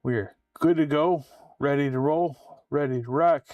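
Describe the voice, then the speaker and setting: A man's voice: a little high, measured pace, dry recording, recorded from a distance, highs cut off. Offhand man reading game text. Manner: offhand, chatty, joking asides. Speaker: game streamer. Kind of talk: casual let's-play commentary, reading game text aloud.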